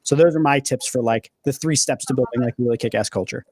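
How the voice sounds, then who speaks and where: A man hosting a podcast and talking quickly and eagerly, with loose filler words and an easy, chatty flow. His voice sits at an ordinary pitch and sounds close and dry, with almost no room around it. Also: a little mellow, dry recording. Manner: enthusiastic, filler-heavy, conversational. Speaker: podcast host. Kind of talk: casual leadership discussion.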